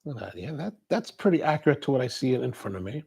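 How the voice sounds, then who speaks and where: A man's voice: mid-range voice, big pitch swings, fast talker, creaky, a little mellow, a little hiss or hum. A man hosting a coffee livestream, chatting casually and rambling while he answers viewer comments.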